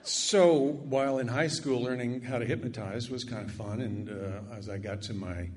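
An older man telling a story to a live audience on stage, animated and chatty, with asides and self-deprecating jokes. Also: medium pitch, normal speed. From Annapolis area. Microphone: stage microphone.

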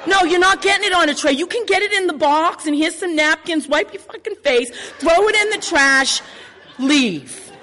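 A woman's voice: extremely high pitch, normal speed, bright, forceful tone, slight background noise. A woman telling a personal story live, brash and swearing freely as she acts out scenes. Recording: long hall reverb.

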